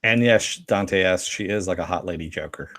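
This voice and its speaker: A low-voiced man in casual podcast talk, laughing easily and swearing offhandedly. The sound is dry and close, with no room echo. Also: moderate pace, fairly bright tone. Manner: laughs often, reads out viewer comments, swears casually. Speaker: podcast co-host. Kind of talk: casual chat reviewing a TV episode.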